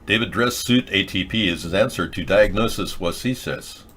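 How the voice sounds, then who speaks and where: A man's voice: deep voice, moderate pace, bright, forceful tone, a little hiss or hum. A man hosting a live political video chat show, rambling and joking as he answers viewers' comments. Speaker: political talk show host.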